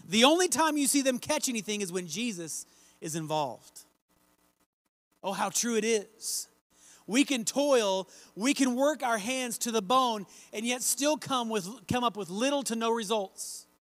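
Man, preacher, high voice, earnest sermon, slows to stress points, dry close sound. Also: lively intonation, a bit bright, no room sound. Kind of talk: sermon with scripture reading.

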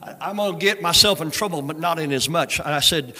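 An older man preaching a sermon, moving between hushed storytelling and loud exhortation. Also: a little high, fast, few pauses. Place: large church sanctuary. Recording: long hall reverb with soft music behind.

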